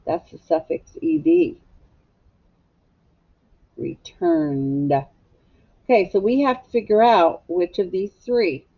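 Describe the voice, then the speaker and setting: A woman teacher leads a phonics lesson at a very slow, patient pace, stretching out each syllable for young children. Her voice sits a little low. The recording is a bit dull and lo-fi. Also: husky.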